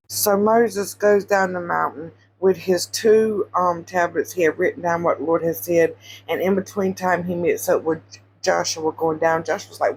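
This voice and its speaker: A woman casually retelling Bible stories, animated, repeating phrases for emphasis and quizzing her listeners. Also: lowish voice, moderate pace, a little hiss or hum. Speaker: Christian social media storyteller.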